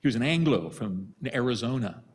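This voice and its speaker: Older priest with a husky voice. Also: male voice, mid-range voice, lively intonation, brisk. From United States. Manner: storytelling, self-deprecating humor. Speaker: priest giving a retreat talk. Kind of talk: retreat conference talk. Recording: long reverb of a large hall.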